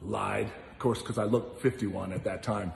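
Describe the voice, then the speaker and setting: A man telling a casual, animated anecdote, now and then breaking into song and laughing as he goes. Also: fairly low pitch, moderate pace, vocal fry. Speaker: storyteller answering questions. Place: large gym. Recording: roomy echoey hall.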